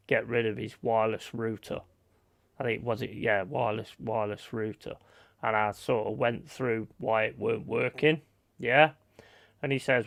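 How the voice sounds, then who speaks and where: A man's voice: mid-range voice, vocal fry, no echo. A man chatting casually on a live stream, telling blunt, sweary stories and reading out viewers' comments. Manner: swears freely, blunt storytelling, reads out chat comments.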